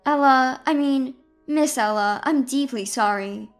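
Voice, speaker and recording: A woman's voice: high voice, unhurried, faint music behind. Woman reading Jacob, arrogant hospital man. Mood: pleading. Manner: dismissive, then stammering. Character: arrogant man turned groveling.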